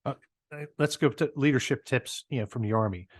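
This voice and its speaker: New Jersey accent, man, mid-pitched voice, storytelling interview guest, restarts and repeats himself. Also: brisk. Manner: animated storyteller, repeats words as he goes. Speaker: guest, business owner.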